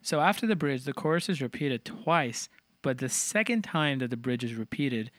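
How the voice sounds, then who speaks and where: A man's voice: medium pitch, animated, moderate pace, a bit bright, no room sound. A man co-hosting a casual talk, explaining lyrics and rhythm in a methodical way. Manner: explanatory, methodical, counts out beats. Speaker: co-host analyzing song lyrics. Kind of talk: casual analytical chat.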